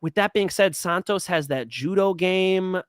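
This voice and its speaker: A man's voice: high voice, measured pace, clear, resonant tone, dry recording, clean studio sound. A man co-hosting a mixed martial arts betting show, joking and swearing freely in casual banter. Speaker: co-host of MMA betting show. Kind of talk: casual banter and fight picks.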